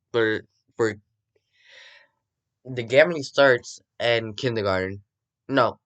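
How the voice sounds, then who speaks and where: Rambling young man telling a fan story. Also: fairly low pitch. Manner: rambling, swears, self-corrects often. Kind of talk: casual improvised fan story narration.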